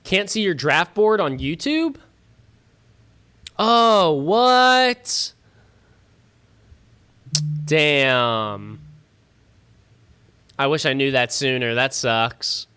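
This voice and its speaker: A tired man hosts a casual livestream from his home studio, talking straight to his chat and swearing now and then. His voice sits a bit high, with a bright, forceful edge and a smooth, crisp tone. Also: animated, extremely slow, long pauses. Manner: loose and chatty, talks to chat directly, swears casually. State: tired, yawning. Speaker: fantasy football livestream host.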